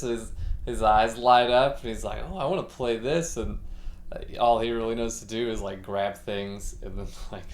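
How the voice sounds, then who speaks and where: A musician livestreamer, a man, chatting casually and ramblingly while setting up his gear at home. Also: medium pitch. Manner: rambling, laid-back, many fillers. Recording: echoey room with faint background noise.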